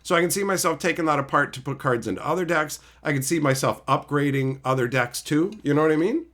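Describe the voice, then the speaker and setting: A middle-aged man chatting casually on a live stream, reading chat and telling animated, profane stories. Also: on the high side, quick pace. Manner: animated, profane storytelling, mimics people.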